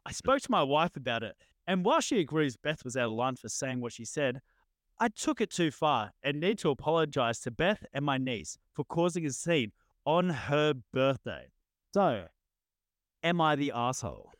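Male co-host, higher lively voice, stumbly reader, dry mic. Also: moderate pace, no room sound. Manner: stumbling reader, frequent self-corrections. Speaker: podcast co-host reading stories. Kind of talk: reading aloud on a casual podcast.

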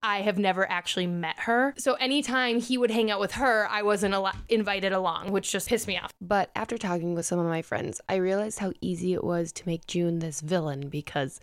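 Smooth-voiced woman telling a candid story. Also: mid-range voice, brisk, hardly any pauses. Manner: confessional, animated quoting of others. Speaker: podcast host.

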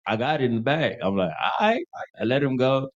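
A man's voice: medium pitch, quick pace, dull audio. A young man co-hosting a podcast, casually telling a party story, acting out quotes in a raised voice and laughing often. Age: young adult. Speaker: podcast co-host.

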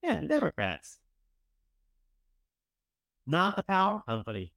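A man's voice: mid-range voice, very animated, normal speed, dry recording. A man hosting a morning talk show, giving blunt, profane opinions in a casual style. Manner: blunt, profane, swings from scornful to gushing.

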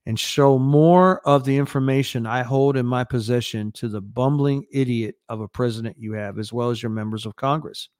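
A man's voice: medium pitch, moderate pace, hardly any pauses, a little mellow, dry recording, studio quality, natural voice. A man reading the lines of an arrogant young national leader who makes harsh, angry demands. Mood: angry threatening.

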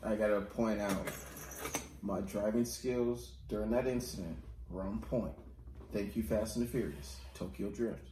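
Man, low voice, casual chat, laughs often, self-deprecating, echoey room, faint noise. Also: unhurried, dark tone.

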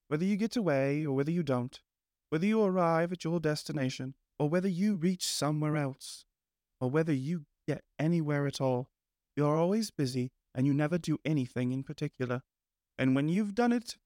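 A man voicing a genial, dreamy male water rat in a storybook, solemn and musing, jumping up high when excited. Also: no room sound, clean studio sound, natural voice. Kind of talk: storybook character reading.

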